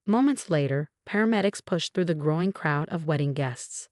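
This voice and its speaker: A woman with a lower voice telling a dramatic first-person story with emotional emphasis. The sound is close and dry, like a studio voice-over. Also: lively intonation, moderate pace, few pauses, a little mellow, no room sound. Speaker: story narrator.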